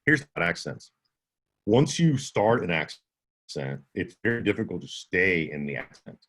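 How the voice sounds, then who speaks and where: A man with a low voice answers questions at a workshop about audiobooks. He explains things in a relaxed, conversational way, like a working narrator sharing tips. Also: measured pace.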